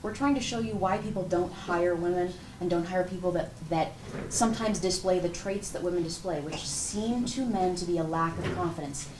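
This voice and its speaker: A woman's voice: fairly low pitch, normal speed, background noise. A woman running an interview-skills workshop, giving direct, hands-on coaching to a class. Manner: direct, coaching, demonstrating poses. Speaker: workshop instructor. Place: large room with a class. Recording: roomy hall audio from far off.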